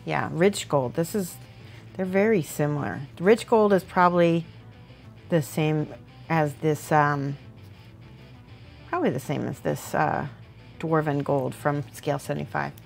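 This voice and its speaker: A woman with a fairly low voice rambles casually and giggles often as she paints miniatures for her viewers. She speaks at an unhurried, slow pace and goes soft when she concentrates. Faint music plays behind her. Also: gravelly. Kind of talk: casual chat while painting.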